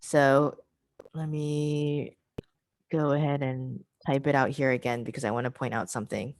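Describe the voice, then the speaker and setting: A woman's voice: rumbling low, fairly even intonation, normal speed, no room sound. A woman presenting an online teacher workshop over a video call, patient and repeating her key points.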